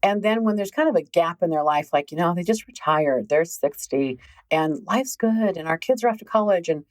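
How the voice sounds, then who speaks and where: Emphatic woman coach, lowish voice. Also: animated, normal speed, poor audio. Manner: emphatic, conversational, repeats words for stress. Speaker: host, relationship healing coach. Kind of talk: casual podcast monologue.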